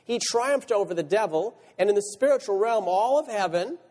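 High, lively preaching man in a church hall. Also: normal speed. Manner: rhetorical questions, reads scripture aloud. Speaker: pastor. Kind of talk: sermon. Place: church sanctuary.

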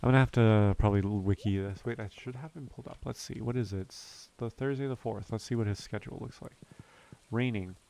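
A man hosting a relaxed let's play, thinking aloud and correcting himself as he plays. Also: on the low side, fast, vocal fry, a little hiss or hum. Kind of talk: relaxed gameplay commentary. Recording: faint game music behind.

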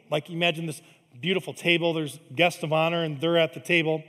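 A man's voice: fairly high pitch, brisk, fairly bright tone, big-room sound. A man preaching a sermon as pastor, in a conversational, emphatic style with frequent asides to the congregation. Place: large church hall.

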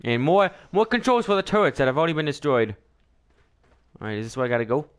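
Gamer guy with a high, very lively voice narrating his own playthrough, excitable and quick to shriek. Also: clear, resonant tone. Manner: excitable, shrieks and laughs while talking to the game. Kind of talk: let's play commentary.

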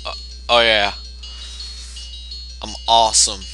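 Bright, slow-talking man in game commentary. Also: lowish voice, little pitch movement. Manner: jokey, profane, reads the game text aloud in mock voices. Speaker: gameplay commentator. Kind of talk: let's play commentary. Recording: game music behind.

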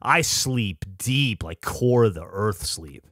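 A man's voice: lowish voice, expressive, takes it slowly, fairly bright tone, no room sound, clean studio sound. A man in his late forties from Alabama, a podcast co-host telling a long story in a casual, profane, laid-back way.

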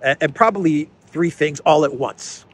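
A man's voice: a little high, moderate pace, breathy edge. Man hosting casual political commentary. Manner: conversational, repeats words while thinking, sardonic asides.

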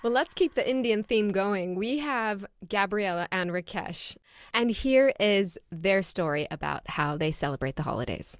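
A young adult woman co-hosting a podcast, telling family stories in an animated way and laughing often. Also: medium pitch, moderate pace. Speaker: podcast co-host. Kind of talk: casual chat.

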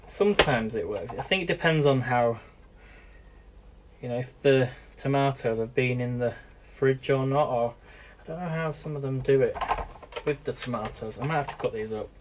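A man's voice: medium pitch, moderate pace, pauses often, a little hiss or hum. Chatty British man cooking live. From Britain. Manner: chatty and rambling, often addresses viewers as guys. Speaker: cooking livestream host. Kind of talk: casual live cooking demo.

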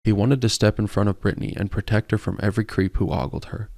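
A man narrating a romance novel as an audiobook in a steady, even storytelling manner. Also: fairly low pitch, fast, dry recording, clean studio sound. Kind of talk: scripted narration.

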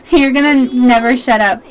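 A woman in her twenties giving casual, excitable let's-play commentary as a gaming YouTuber, chatting to her viewers. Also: a little high, measured pace.

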